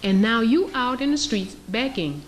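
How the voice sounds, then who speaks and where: High, lively woman lecturing. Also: moderate pace. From Haiti. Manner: emphatic, sarcastic, questions the audience. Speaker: historian and teacher. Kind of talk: lecture to an audience.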